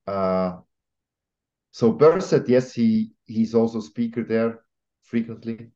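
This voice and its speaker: A man from Switzerland, speaking as a guest on an interview podcast in an emphatic, opinionated way, often pausing with fillers and restarting sentences. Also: lowish voice, warm tone. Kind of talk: conversational interview. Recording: slightly dull lo-fi audio.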